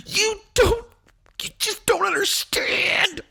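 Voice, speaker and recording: A man putting on the voice of a shrill, mocking woman who wails and pleads. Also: fairly even intonation, takes it slowly, gravelly, pushed and bright, in a whisper, heavily acted. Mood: wailing. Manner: high wailing, taunting, breaking into cries.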